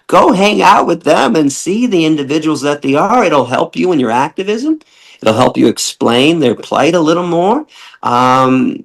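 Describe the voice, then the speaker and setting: Gravelly, passionate man swearing freely. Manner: acts out quoted people with big jumps in pitch. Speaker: podcast guest, animal rights activist. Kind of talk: casual interview talk.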